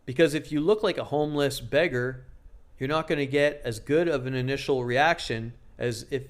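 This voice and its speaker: A man's voice: medium pitch, normal speed. A man giving casual dating advice to camera, joking and crude, often acting out what people say. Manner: joking, crude, acts out quoted lines in exaggerated voices. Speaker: dating coach.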